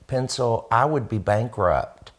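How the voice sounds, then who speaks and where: A male host in a relaxed dinner conversation who talks in a chatty way. He pokes fun at himself and asks his guest questions. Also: mid-range voice, slow pace. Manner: chatty, self-deprecating. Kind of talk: casual dinner-table conversation.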